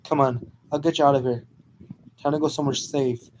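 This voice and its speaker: A tough, short-tempered young woman, voiced by a man in a homemade fan storybook reading. She barks orders and cuts people off with impatience. The voice sits at an ordinary middle pitch. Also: fairly even intonation, brisk, a little mellow, slight background noise, close to an everyday voice, low-quality recording. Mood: urgent. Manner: bossy, impatient, snapping orders.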